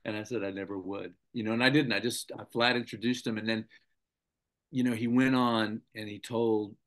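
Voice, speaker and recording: A man's voice: on the low side, moderate pace. A middle-aged man, a former sports anchor, telling stories as a guest in a casual interview and acting out the people he quotes. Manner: animated anecdote-telling, acts out the people he quotes. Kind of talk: casual storytelling in a podcast interview.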